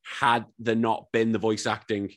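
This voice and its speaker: A man with a Wirral accent hosting a casual chat, telling stories with excited swearing and lively quotes. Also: lowish voice, unhurried. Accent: Wirral, Merseyside. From England. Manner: animated storytelling, swears often, jumps into excited quotes. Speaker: podcast host.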